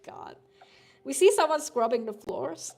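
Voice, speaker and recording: A woman streamer, a little sick, chatting and swearing casually as she reads through webtoon contest entries out loud. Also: high-pitched, animated, unhurried, gravelly. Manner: chatty, swears freely, thinks aloud while reading panels. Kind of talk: casual live-stream commentary.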